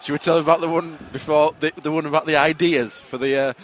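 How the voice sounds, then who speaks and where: A man's voice: on the high side, steady tone, fast. A man with a Yorkshire accent, co-hosting a podcast, playful and laughing often in casual banter. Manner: laughs a lot, playful teasing. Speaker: podcast co-host.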